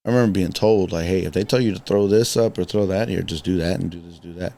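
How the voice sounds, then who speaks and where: A man's voice: low voice, fast talker, gravelly, mellow. A man from the south side of Chicago, a podcast guest chatting casually in laid-back street slang. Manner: laid-back street slang, lots of "you know what I'm saying". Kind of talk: casual chat.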